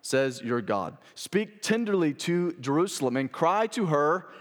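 Pastor preaching in a reverberant hall. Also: male voice, fairly high pitch, very animated, unhurried. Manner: rhetorical questions, emphatic and conversational. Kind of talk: sermon.

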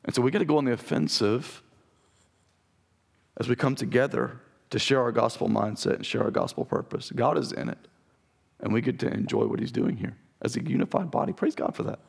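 A man preaching a sermon as pastor, with a raspy voice, earnest and direct with his congregation. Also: mid-range voice, fairly quick. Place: church sanctuary.

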